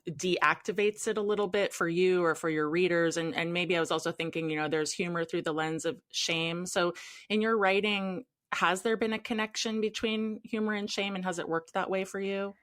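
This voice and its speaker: Lowish-voiced woman podcast host, hesitant, thinking out loud while asking. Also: steady tone, normal speed. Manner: tentative, thinking aloud. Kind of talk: interview questions.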